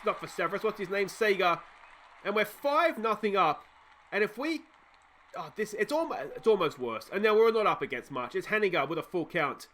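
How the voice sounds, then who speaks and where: A young Australian man with a high voice talks fairly quickly over a faint hiss or hum. He gives excitable, casual play-by-play on a baseball video game, joking at his own expense and addressing his viewers.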